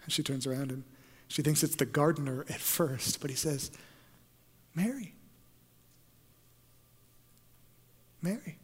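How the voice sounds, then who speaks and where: A man preaching a sermon, moving between hushed storytelling and loud, fervent passages. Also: mid-range voice, flat delivery, fairly quick, slightly rough. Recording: long hall reverb.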